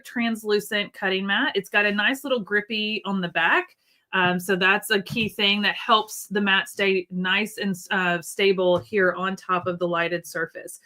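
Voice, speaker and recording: A woman's voice: medium pitch, bright, forceful tone. A woman hosting a live online sewing event, chatting with viewers and demonstrating products with frequent ums. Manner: chatty, friendly, with frequent ums, reading chat comments aloud. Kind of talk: live-stream product demo. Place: indoors at a sewing desk in Nashville, under an air-conditioning vent.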